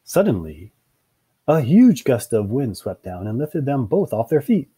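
Male children's story reader, sing-song delivery, warm husky voice. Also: medium pitch, big pitch swings, measured pace. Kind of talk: read-aloud children's story narration.

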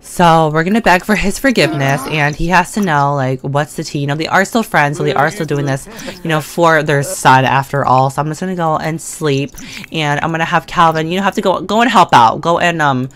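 Chatty low-voiced woman playing a life-sim game. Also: brisk, crowd noise. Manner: chatty and slangy, talks to the game characters, sudden excited or mock-scared outbursts. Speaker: gaming video creator. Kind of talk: casual let's-play commentary. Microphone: desk condenser mic.

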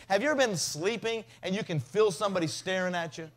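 Animated preacher man. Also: high voice, fast talker, few pauses. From Tennessee. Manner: animated storytelling, swings from loud to hushed. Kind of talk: revival sermon. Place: revival tent.

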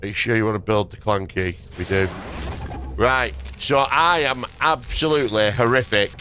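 A young gaming video creator sits at his home desk with a dynamic microphone, rambling, swearing casually, and mocking himself through gameplay commentary. His voice is fairly low and sharp-toned at a moderate pace, with slight background noise.

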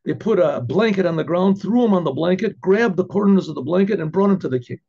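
Rabbi telling a story, husky dark voice, keeps clearing his throat. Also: high voice, lively intonation, dull audio. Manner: halting, repeats words, clears throat often. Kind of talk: oral storytelling.

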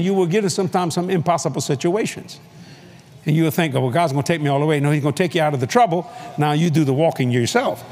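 A man's voice: on the high side, a little mellow, slight background noise. An older man preaching, telling a story with acted-out voices, hollers and laughs. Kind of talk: animated storytelling sermon. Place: large convention hall.

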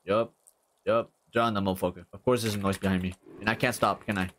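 A man doing let's-play commentary on a horror game, cursing constantly and shouting at the characters on screen. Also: lowish voice, steady tone, fast talker, slight background noise. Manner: profane, loud outbursts, talks to game characters. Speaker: gaming streamer.

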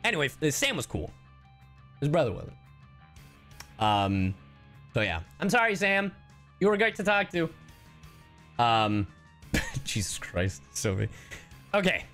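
A man from Miami, a streamer and voice actor, telling stories to his stream chat in a casual, expressive way. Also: on the high side, unhurried, long pauses, faint music behind. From Miami, Florida. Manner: animated, expressive storyteller.

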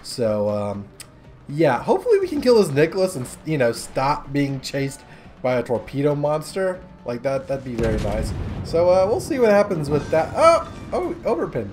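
A man's voice: fairly high pitch, very animated, normal speed, darkish tone, faint music behind. A young man giving casual, rambling gameplay commentary with sarcastic jokes and asides. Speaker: gaming commentator.

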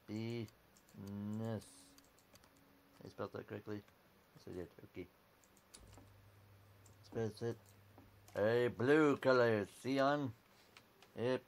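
A man giving casual, dry commentary while playing a computer game, reading on-screen text aloud at a desk mic. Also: mid-range voice. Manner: offhand, dry, reads out on-screen text, keeps saying "alrighty". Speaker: gameplay video maker.

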